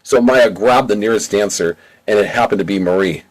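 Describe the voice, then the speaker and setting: A man's voice: on the low side, brisk, rough recording. A man narrating his own amateur audiobook in a plain, casual storytelling way. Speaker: audiobook reader. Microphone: home mic.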